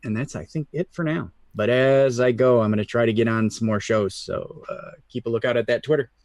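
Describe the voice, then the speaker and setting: A man's voice: medium pitch, fairly even intonation, fairly quick, darkish tone, dry recording. A man who plays tabletop games, chatting casually and rambling with lots of fillers and restarts. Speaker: tabletop game player. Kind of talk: casual chat.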